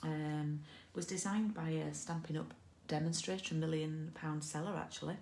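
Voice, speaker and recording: A British-accented woman from the United Kingdom hosts a card-making livestream, her low, slightly mellow voice keeping a steady tone at normal speed. She chats and rambles loosely with plenty of ums and asides, recorded on a laptop or phone camera mic with slight background noise.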